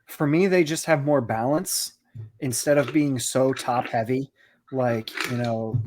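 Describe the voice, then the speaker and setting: Podcast guy breaking down hockey rosters, steady and chatty, says "you know" a lot. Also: mid-range voice, unhurried. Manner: steady, analytical, uses "you know" often. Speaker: podcast co-host. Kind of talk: casual hockey chat.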